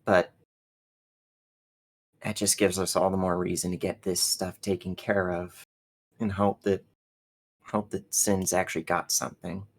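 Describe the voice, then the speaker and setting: A man voicing a weary, gentle male companion in a tabletop role-playing game, speaking quietly and consolingly. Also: sits low, flat delivery, a little slow, pauses often.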